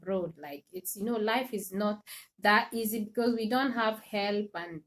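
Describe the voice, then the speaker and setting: A woman's voice: medium pitch, moderate pace, a bit bright. A woman hosting a livestream, chatting casually and animatedly, laughing often and speaking directly to her viewers. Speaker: livestream host.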